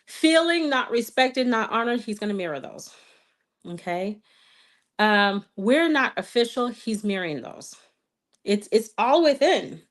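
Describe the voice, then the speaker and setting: A woman's voice: on the high side, animated, a little slow. A woman with a slight accent coaching viewers in a live stream Q&A, earnest, repeating key phrases and often checking in with "okay?". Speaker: twin flame coach.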